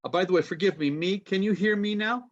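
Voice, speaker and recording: A university lecturer with a high voice talks fast over a video-call computer mic, giving an online pronunciation lecture with lo-fi sound. He's chatty, sprinkling in "okay" and checking in with his listeners.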